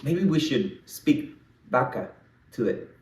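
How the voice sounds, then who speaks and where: A man leading a playful lesson for young children, talking straight to them in an animated, singsong way. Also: mid-range voice, takes it slowly, recorded from a distance. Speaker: children's language teacher. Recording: echoey room, voice off-mic.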